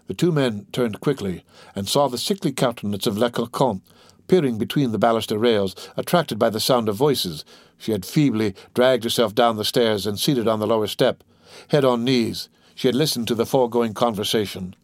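A man narrating an audiobook in an even, steady reading manner. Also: on the low side, brisk, no echo.

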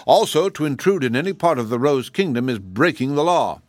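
A man voicing a small, angry male royal gardener with a shrill, self-righteous manner in an audiobook. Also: lively intonation, fairly quick, no room sound, natural voice. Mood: indignant. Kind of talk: audiobook character voice.

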